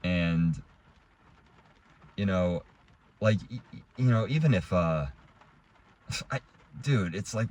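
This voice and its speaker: A man's voice: deep voice, animated, slow pace, pauses often, a little mellow, slight background noise. A young adult man giving a heated, rambling casual rant to camera, restarting and swearing as he talks. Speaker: vlogger.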